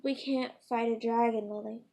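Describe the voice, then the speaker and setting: Woman voicing a soft-spoken king. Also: a little high, fairly even intonation, normal speed, creaky. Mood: soft urgent. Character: gentle, urgent king, husband comforting his wife.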